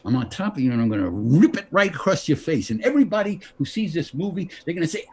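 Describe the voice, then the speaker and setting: An older actor telling a story over a video call, animated, acting out the lines of the people in his story. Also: fairly high pitch, fast, hardly any pauses, slightly rough. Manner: animated, acts out quoted dialogue. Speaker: guest actor. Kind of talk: anecdotal storytelling.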